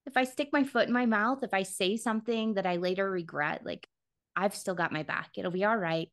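A woman's voice: medium pitch, brisk, fairly bright tone. A woman in casual conversation, speaking thoughtfully and affirming what she hears.

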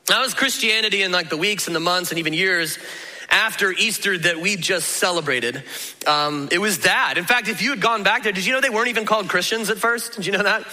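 A high-pitched man preaches in a casual, lively way and keeps breaking into quick imitations of doubting listeners. His voice is bright and forceful. A long reverb from a big hall trails behind it. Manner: animated, conversational, acts out voices of listeners. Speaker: pastor. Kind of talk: sermon.

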